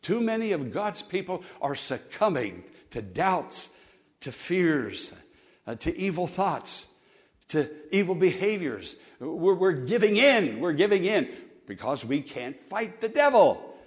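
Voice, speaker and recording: A man preaching a sermon, swinging between loud emphatic lines and soft low asides, and leading the congregation in call-and-response. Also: sing-song, a little slow. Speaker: pastor.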